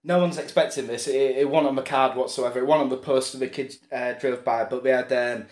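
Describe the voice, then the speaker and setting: A man's voice: medium pitch, fairly quick, reverberant. A man, co-hosting a comedy podcast and telling silly made-up stories while laughing often. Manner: giggly, acts out a showman and excited kids in his stories. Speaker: podcast co-host. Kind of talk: comedic storytelling chat.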